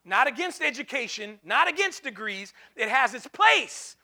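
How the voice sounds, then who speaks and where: A man preaches in a church with a very high, keen and piercing voice. He swings from soft, hushed lines to sudden shouted peaks, repeating phrases for the congregation. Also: very animated, moderate pace. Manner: repetitive call-and-response phrasing. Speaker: pastor. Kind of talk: sermon.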